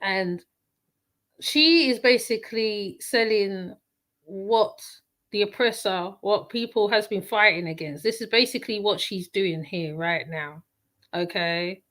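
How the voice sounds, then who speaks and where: A woman's voice: mid-range voice, unhurried, a bit bright. A woman giving casual reaction commentary in a blunt, rambling way, often repeating herself.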